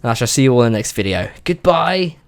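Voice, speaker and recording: A man's voice: medium pitch, very animated, fast talker. A young man telling an embarrassing story casually on his vlog, swearing freely and laughing along. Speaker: vlogger.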